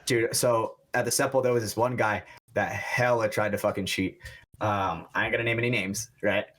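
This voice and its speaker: A young man, a game referee, chatting on a podcast as an animated storyteller who swears and laughs a lot. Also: on the low side, moderate pace. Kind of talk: casual chat.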